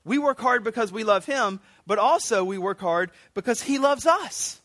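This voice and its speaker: A man preaching a sermon, animated and earnest, often restarting his sentences. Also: high voice, normal speed, no room sound, clean studio sound. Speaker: pastor.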